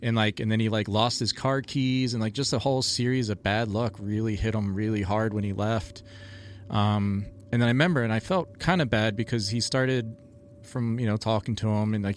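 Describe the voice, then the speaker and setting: A man's voice: lowish voice, steady tone, brisk, slight background noise. A man, a paranormal TV investigator, telling stories in a rambling casual chat full of "like" and "you know".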